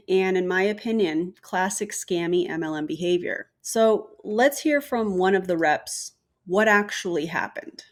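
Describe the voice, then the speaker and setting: A woman hosting a critical commentary video, talking in a pointed, sarcastic, direct way. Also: mid-range voice. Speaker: commentary YouTuber.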